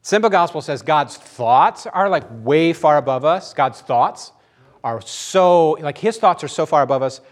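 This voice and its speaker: A man preaching a conversational sermon, animated and joking as he goes. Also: fairly high pitch, unhurried. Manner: animated, laughs and jokes mid-sentence.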